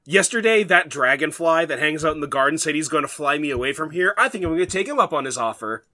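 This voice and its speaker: A man's voice: fairly high pitch, animated, quick pace, pushed and bright. A man voicing a naive little boy pleading in a whiny way.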